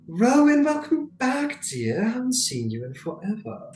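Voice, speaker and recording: A man's voice: very high-pitched, wildly swooping pitch, measured pace, a little mellow, soft background music, voice pushed up, heavily acted. A man voicing a gracious, slightly fussy noblewoman hostess in a tabletop game. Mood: welcoming. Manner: genteel, flustered. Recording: echoey room.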